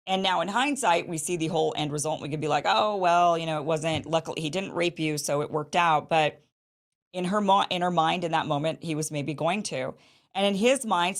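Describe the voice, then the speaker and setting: Female host, 30s, low voice; unscripted commentary, halting and reflective, lots of restarts. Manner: thinking aloud, frequent restarts and "you know". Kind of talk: commentary on news allegations.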